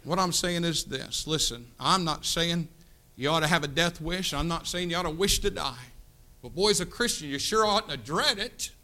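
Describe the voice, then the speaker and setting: A man in his fifties from the United States preaching a sermon, building to loud impassioned peaks and dropping to hushed asides. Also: fairly high pitch, lively intonation, normal speed. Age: 50s. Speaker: pastor. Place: church sanctuary.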